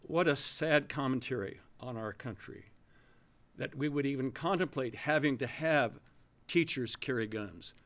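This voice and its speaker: A man's voice: mid-range voice, measured pace, fairly bright tone. A man answering a debate question in an earnest, grave way, dwelling on how sad the subject is. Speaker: debate candidate.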